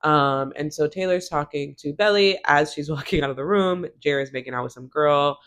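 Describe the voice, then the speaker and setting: A woman's voice: sits low, normal speed, fairly bright tone. A woman recapping a TV episode in a casual, chatty way, using "like" often and briefly acting out the characters' lines. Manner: chatty, heavy use of "like", acts out characters' lines. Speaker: TV recap vlogger.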